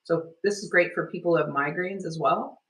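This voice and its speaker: A woman leading a live online healing workshop, talking gently and loosely, with many restarts and fillers as she guides a self-care technique. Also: on the low side, a little fast, rough recording. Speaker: energy healing teacher.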